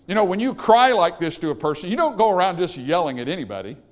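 A man's voice: high-pitched, sing-song, fast talker. A man preaching a sermon to a congregation, emphatic and full of rhetorical questions. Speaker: pastor. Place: church service.

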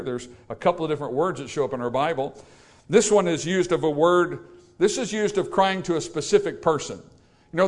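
A man preaching a sermon to a congregation, emphatic and full of rhetorical questions. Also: on the high side. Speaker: pastor. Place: church service.

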